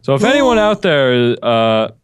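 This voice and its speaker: A man's voice: medium pitch, big pitch swings, a little slow, a little hiss or hum. A man chatting casually while playing, with dry, grumbling asides. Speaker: co-player. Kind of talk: casual gameplay chat. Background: game gunfire.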